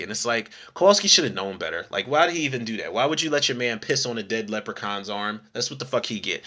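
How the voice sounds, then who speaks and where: A man's voice: mid-range voice, lively intonation, fast talker, hardly any pauses, bright, forceful tone. A young adult man hosting a podcast, casually recapping a horror movie in a rambling, profane way and acting out the lines. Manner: profane, rambling storyteller who acts out quotes.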